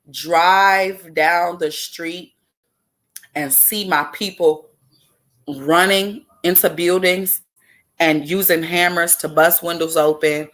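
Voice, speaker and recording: A young woman from Chicago talks straight to her listeners in a casual monologue. She is emphatic and preachy, punching her points with a repeated "okay?". Her voice sits a little low for a woman. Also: a bit bright. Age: 20s. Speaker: podcast host.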